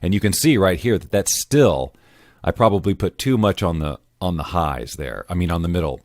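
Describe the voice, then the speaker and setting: A man walking viewers through an audio editing tutorial in a casual, self-correcting way, often clearing his throat. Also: low voice, lively intonation, moderate pace, darkish tone, no room sound, studio quality. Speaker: voiceover tutorial host. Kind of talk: screen-recorded software tutorial.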